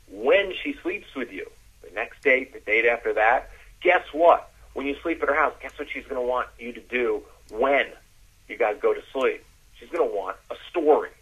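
Guy coaching dating tips, kinda husky, muffled lo-fi sound. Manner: coaching, drops into low demonstration voice. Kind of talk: instructional podcast talk.

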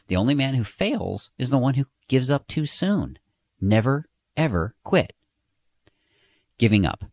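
A man reading scripted dating advice in an emphatic, direct, motivational way. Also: sits low. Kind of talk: scripted instructional narration.

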